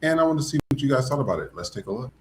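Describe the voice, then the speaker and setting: A man's voice: medium pitch, sing-song, very fast, very noisy. A man hosting a podcast, giving blunt, profane, emphatic commentary. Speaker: podcast host. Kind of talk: casual commentary.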